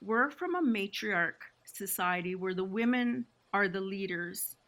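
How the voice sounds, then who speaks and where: A woman's voice: mid-range voice, expressive, a little slow, a bit bright. A woman from Six Nations, Canada, a podcast guest telling her family story in an emotional, reflective way. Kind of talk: podcast conversation.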